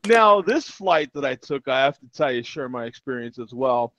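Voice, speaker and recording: A middle-aged man telling a story in casual chat. He is animated, laughs a lot and keeps asking "you know what I'm saying" over a video call. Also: mid-range voice, normal speed. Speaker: regular panelist. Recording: dull lo-fi video call audio.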